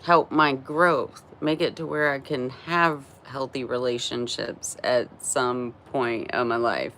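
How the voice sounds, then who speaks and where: Woman, 40s, tired, gravelly voice, unhurried, chatty live-stream host. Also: rumbling low, steady tone, fairly bright tone, a little hiss or hum. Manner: chatty, rambling, laughs often. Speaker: livestream host. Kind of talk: casual live-stream chat.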